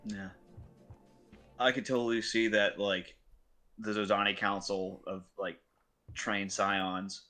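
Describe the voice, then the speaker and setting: A man's voice: fairly low pitch, level tone, slow, long pauses, bright, forceful tone, soft background music. A man chatting casually as a tabletop game player, rambling with lots of fillers and swearing. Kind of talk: casual chat.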